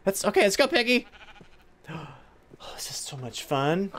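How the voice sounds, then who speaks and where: At a moderate pace and medium pitch, over slight background noise, a let's-play gamer casually narrates gameplay. They playfully address a pet pig, hum along, and excitedly squeal and gasp in alarm.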